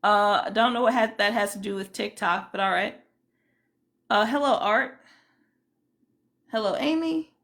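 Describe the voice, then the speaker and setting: A woman's voice: medium pitch, measured pace, pauses often, a bit bright. A woman hosting a casual livestream, chatting loosely and greeting viewers by name. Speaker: livestream host.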